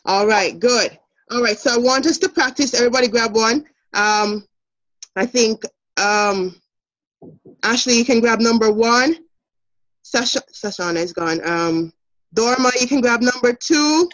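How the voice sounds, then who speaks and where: A woman's voice: fairly high pitch, a little slow, a bit bright. Jamaican woman teaching over video call. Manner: instructive, encouraging, with fillers. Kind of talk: online class teaching. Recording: muffled video call audio.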